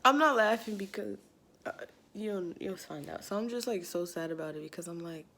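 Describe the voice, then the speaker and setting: A young woman vlogger casually telling a personal story, slangy and animated, acting out what people said with lots of "like.". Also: fairly low pitch, brisk, slight background noise. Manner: slangy, animated quoting, many "like"s.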